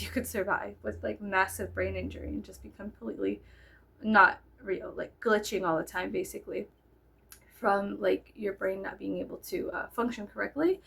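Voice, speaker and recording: A woman's voice: medium pitch, creaky, bright, forceful tone, slightly rough. A young woman from Texas, telling a story in a rambling, giggly casual chat and swearing freely. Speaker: storyteller vlogger.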